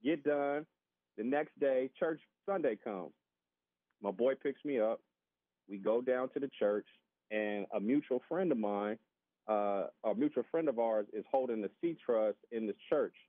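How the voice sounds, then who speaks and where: A man telling a casual, animated story as a podcast guest, acting out the voices of other people and often repeating his words. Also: medium pitch, measured pace, no room sound. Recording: tinny phone-line sound.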